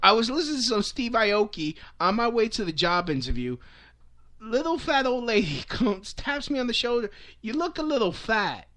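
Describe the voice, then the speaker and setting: Very high-pitched and sharp, this young man's voice swings widely in pitch as he keeps a moderate pace. He's a vlogger delivering a swear-filled, rambling comic rant to camera, often starting over and laughing.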